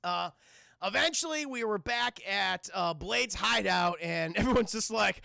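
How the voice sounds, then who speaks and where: A man recounting a cartoon episode to his live chat in a casual, animated, profane way. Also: sits high, moderate pace, creaky, dry recording, clean studio sound. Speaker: streamer and reviewer.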